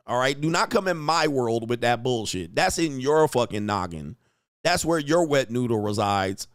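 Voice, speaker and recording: A man hosting a live stream, reading chat comments aloud and answering in brash, profane rants that climb loud and high, with bursts of laughter. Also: expressive, moderate pace, no room sound, studio quality. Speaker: online talk show host reading chat.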